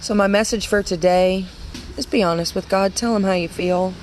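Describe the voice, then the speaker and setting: A woman's voice: medium pitch, normal speed, a little mellow, a little hiss or hum. A young woman leading a women's ministry, giving an earnest devotional talk and repeating phrases for emphasis.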